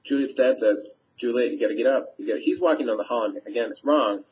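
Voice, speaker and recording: A male teacher with a medium-pitched voice talks at a quick pace, casually summarizing a play scene for students. He paraphrases the lines with plenty of fillers, and the webcam mic gives dull lo-fi audio.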